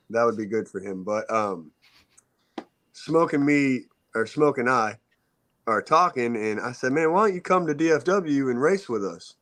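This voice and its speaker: Brief: man, casual co-host spinning an animated yarn, dry close sound. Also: medium pitch, no room sound. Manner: animated storyteller, acts out quoted voices. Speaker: podcast co-host telling a story. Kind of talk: casual storytelling chat.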